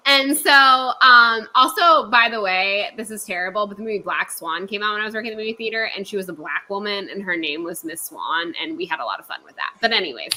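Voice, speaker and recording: A woman's voice: medium pitch, lively intonation, fast talker, hardly any pauses, pushed and bright, slight background noise, low-quality recording. A woman in her thirties telling a work story in casual, profane, ranting chat as a podcast co-host.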